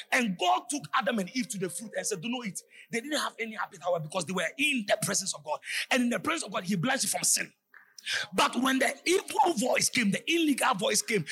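A man preaching a fervent sermon, often shouting and sliding into a sing-song cadence. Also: sits high.

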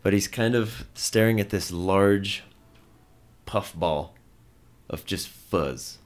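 A man narrating a tabletop role-playing game as game master, describing scenes in a relaxed storytelling way. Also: low voice, takes it slowly.

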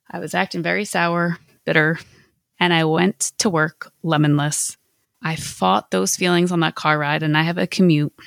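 A woman speaks in a lowish voice, telling a personal faith story candidly and confessionally. The recording sounds dry and close, with no room around it. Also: no room sound. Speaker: podcast host. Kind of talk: personal faith reflection podcast.

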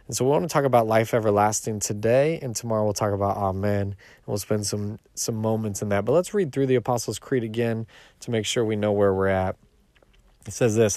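Conversational pastor, dry close sound. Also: male voice, lowish voice, a little fast, a little mellow, no echo. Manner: conversational, with restarts and casual asides. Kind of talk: short devotional teaching.

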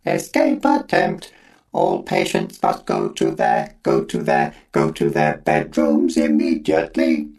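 A man voicing a blaring mechanical alarm that stutters and repeats itself, slow and halting. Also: low voice, wildly swooping pitch, darkish tone, distant mic, soft background music, voice pushed down, heavily acted.

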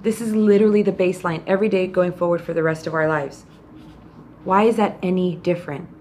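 Speaking fast in a voice on the low side, a woman hosts a podcast with a blunt, tough-love motivational monologue. She frequently imitates the people she quotes with lively put-on voices. There's slight background noise.

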